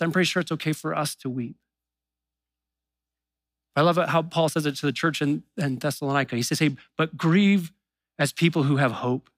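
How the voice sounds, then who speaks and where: A man preaching a sermon in a relaxed, conversational way, acting out the doubts of believers in quick asides. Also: a little high, no room sound. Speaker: pastor.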